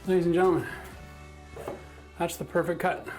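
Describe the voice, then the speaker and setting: Chatty DIY man, higher voice. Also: fairly even intonation, moderate pace, a little mellow, soft background music. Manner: chatty, self-mocking, laughs at his own mistakes. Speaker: DIY renovation host. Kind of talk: casual how-to narration. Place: bathroom under renovation.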